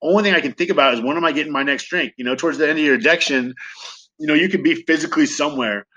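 Fast, bright-voiced man telling his story. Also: a little high, low-quality recording. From Southern California. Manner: fast, profane, animated retelling with acted quotes. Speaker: guest sharing recovery story. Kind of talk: candid conversational storytelling.

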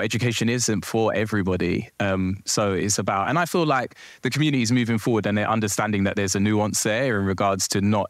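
Lively young man, low voice. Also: dry recording, clean studio sound. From South East London. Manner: lively storyteller, laughs easily, frequent fillers. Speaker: guest, cultural commentator. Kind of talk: casual interview chat.

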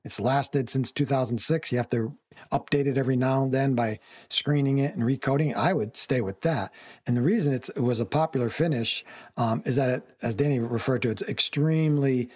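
A man's voice: mid-range voice, fairly quick, darkish tone, husky. A man co-hosting a home improvement radio show, giving advice in a matter-of-fact, explanatory way. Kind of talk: radio call-in talk.

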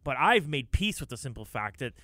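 A man's voice: mid-range voice, big pitch swings, a little fast, sharp tone, dry recording, clean studio sound. A man co-hosting a sports radio show, giving emphatic opinions in casual banter.

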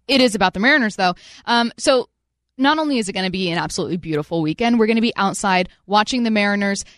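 A woman co-hosting a sports radio show, chatting in an excitable, teasing way. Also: medium pitch, fast, dry recording, clean studio sound. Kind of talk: casual sports radio chat. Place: radio studio.

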